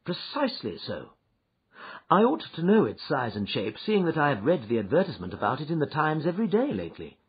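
A man voicing a shrewd, confident detective who lectures in a brisk, precise way, in a dull, muffled recording. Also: on the high side, huge pitch swings, breathy edge, full character voice. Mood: grave. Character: shrewd confident male detective, middle-aged. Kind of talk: audiobook character reading.

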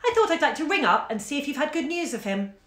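A woman reading aloud, voicing a grown woman who is a secret lover, crisp and carefully friendly on the phone. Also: mid-range voice, animated, moderate pace, a bit bright, natural voice. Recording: roomy echo.

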